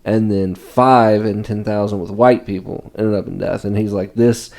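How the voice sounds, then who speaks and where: Guy rambling on a podcast, lots of "like", mellow warm voice. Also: on the low side, steady tone, moderate pace, vocal fry. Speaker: podcast co-host. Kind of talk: casual chat.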